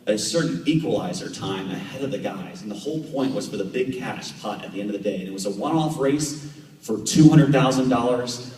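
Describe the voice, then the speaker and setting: An American man in his thirties, a professional triathlete giving a guest talk to a club. He tells animated stories and acts out conversations, with many fillers. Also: mid-range voice, fairly quick. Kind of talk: storytelling talk to a club audience. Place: club meeting room with audience. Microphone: camera at the back of the room. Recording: echoey hall from far off.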